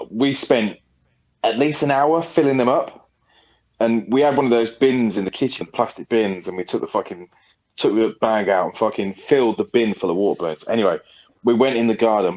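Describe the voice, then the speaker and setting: A man's voice: on the low side, a little mellow, low-quality recording. A man, a podcast co-host telling a story in a rambling, sweary, casual way. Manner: rambling, sweary, laughing often.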